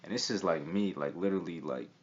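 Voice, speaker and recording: A man's voice: low voice, fast. A young man telling a story in a casual, streetwise way, swearing freely and often checking in with his listener. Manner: profane, streetwise, keeps asking "you feel me". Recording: slightly dull recording with faint hiss.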